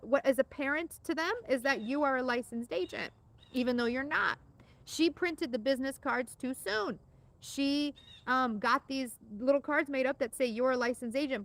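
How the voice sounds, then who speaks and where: A woman's voice: fairly high pitch, no room sound. A woman teaching an insurance exam-prep lesson in a chatty, casual way, with lots of fillers and repeated words.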